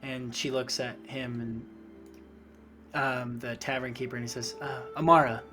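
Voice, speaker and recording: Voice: mid-range voice, flat delivery, measured pace, fairly bright tone, soft background music. A game master narrating a tabletop game casually, with many fillers.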